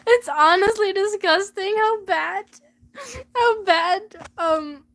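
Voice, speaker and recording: High-voiced young woman reading aloud. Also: slow, a bit bright. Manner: giggly, incredulous commentary. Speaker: vlogger. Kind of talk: reading her old fanfiction aloud.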